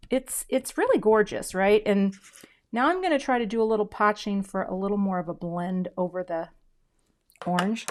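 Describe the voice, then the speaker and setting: A middle-aged woman hosting a craft video, chatting casually and self-deprecatingly as she works, often dropping to soft murmurs mid-task. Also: mid-range voice, normal speed, slight background noise. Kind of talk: casual crafting demo chat.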